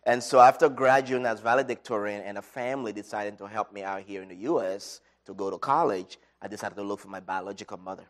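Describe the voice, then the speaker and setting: A middle-aged man giving an inspirational talk, telling a personal story with dramatic swings from loud to quiet. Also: fairly low pitch, quick pace, hardly any pauses. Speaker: speaker.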